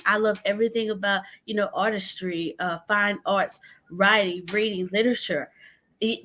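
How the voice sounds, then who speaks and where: A woman attorney with a Southern Louisiana twang, chatting lively in a video-call interview and laughing often. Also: a little high. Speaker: attorney and guest speaker. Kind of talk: virtual summit interview.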